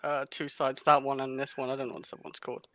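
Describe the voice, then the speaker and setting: A man's voice: medium pitch, level tone, quick pace, pushed and bright, dry recording. A man in a football chat who insists on his point, cites statistics, and laughs often.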